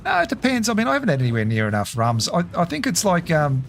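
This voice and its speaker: A man's voice: a little high, huge pitch swings, fast talker, gravelly, a little hiss or hum. A man casually commentating a game live, chatty and laughing easily while reading his chat. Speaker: game streamer.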